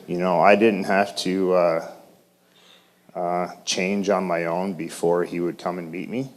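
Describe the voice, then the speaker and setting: A man giving a personal testimony in church, shy and halting, with many restarts and fillers. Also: low-pitched, flat delivery. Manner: self-described shy. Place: church in front of congregation.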